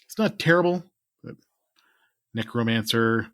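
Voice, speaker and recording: Here a male podcast co-host talks a little slowly, his mid-range voice lively in intonation and fairly bright in tone. His casual chatter is meandering and easygoing, trailing off as each line ends. The audio is clean studio sound without echo.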